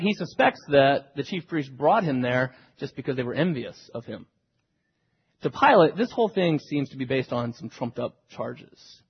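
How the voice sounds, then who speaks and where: Preacher guy, husky-ish voice, kinda high, goes quiet then loud, big echoey hall. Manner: dramatic, swings between hushed and loud delivery. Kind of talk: sermon retelling a scripture story. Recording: dull recording with long hall reverb.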